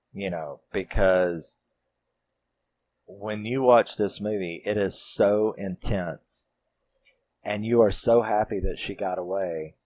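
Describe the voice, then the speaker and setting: Slow, low-voiced man recapping a film. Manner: profane, animated storytelling. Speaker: film reviewer. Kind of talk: casual movie recap.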